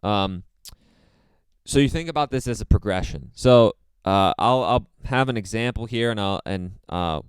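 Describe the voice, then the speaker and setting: A man giving a casual drum lesson in a relaxed way, with plenty of fillers and repeated phrases. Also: fairly low pitch, clear, resonant tone, no room sound. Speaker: drum teacher. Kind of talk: casual instructional talk.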